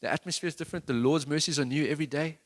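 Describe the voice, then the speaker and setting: A man's voice: a little high, racing. A man preaching a sermon as pastor, talking in a conversational, earnest way that rises into emphatic bursts.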